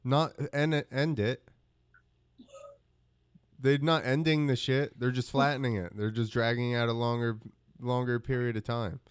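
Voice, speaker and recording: A man's voice: mid-range voice, level tone, measured pace, long pauses, clear, resonant tone, dry recording. A man co-hosting a casual podcast, ranting sardonically. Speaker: podcast co-host. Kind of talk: casual chat.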